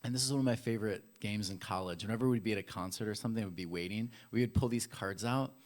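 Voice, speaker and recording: Man, pastor, low voice, casual chatty sermon, talks straight to the crowd. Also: quick pace. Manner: playful, chatty, addresses the congregation directly. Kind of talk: casual sermon with audience games. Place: church hall.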